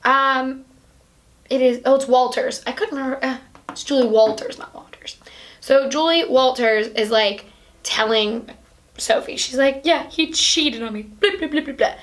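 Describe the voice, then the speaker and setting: A woman with a bright, high voice recaps a movie in a loose, chatty way. She talks quickly and excitedly, scatters "like" everywhere and keeps slipping into voices to act out quotes. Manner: animated, fast retelling with many "like"s and acted-out quotes. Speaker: podcast host. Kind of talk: casual chat recapping a film.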